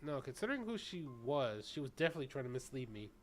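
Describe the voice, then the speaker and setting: Fast-talking man reading game lines. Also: medium pitch, sing-song, slight background noise. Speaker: streamer. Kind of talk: reading game dialogue aloud.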